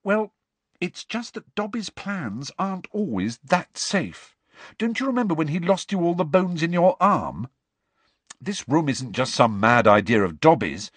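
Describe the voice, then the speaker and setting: A man putting on a high, anxious schoolgirl witch, lecturing and lively, for an audiobook; husky, dry sound. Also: measured pace, no echo, full character voice. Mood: anxious insistent. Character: earnest bossy teenage schoolgirl witch. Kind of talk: audiobook reading.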